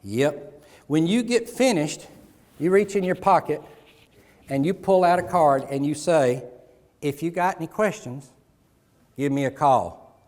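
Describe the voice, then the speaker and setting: A middle-aged man delivers a motivational keynote with animated storytelling, acting out little scenes with people from the audience. His voice sits a bit high for a man, and it rings out through a large conference hall with a long reverb tail. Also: a little slow, pauses often. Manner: animated, acts out dialogue with audience. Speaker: keynote speaker.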